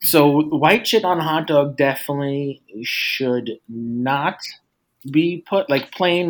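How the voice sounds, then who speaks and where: A man's voice: a little high, slow pace. A man in a casual podcast debate, rambling with many fillers and restarts. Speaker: debater defending hot dogs.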